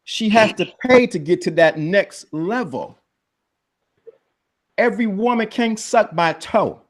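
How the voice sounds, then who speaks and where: Preachy lecturing man. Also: slow pace. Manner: preachy, lecturing, lively pitch jumps for emphasis. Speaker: livestream panelist. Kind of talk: casual livestream chat.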